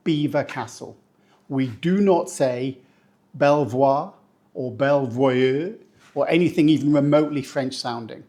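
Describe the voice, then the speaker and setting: A man from England, a teacher giving a playful pronunciation lesson who slows down to say each word. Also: medium pitch, darkish tone. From northeast England. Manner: playful, slows down to spell out words. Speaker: English teacher.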